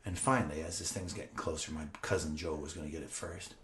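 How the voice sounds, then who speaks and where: A man's voice: extremely low pitch, fast, echoey room, a little hiss or hum. A man in his fifties, a former teacher and coach, telling a story on a podcast with laughter and acted-out scenes. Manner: animated, laughing, acts out scenes. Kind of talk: casual storytelling.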